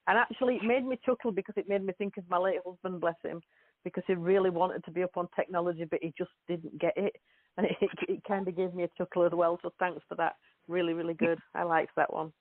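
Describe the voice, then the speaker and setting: A woman's voice: lowish voice, steady tone, fast, no echo. A woman giving praise for a poem on a live internet radio show, repeating words for emphasis and chuckling. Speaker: caller reviewing a poem. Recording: dry tinny phone-like line.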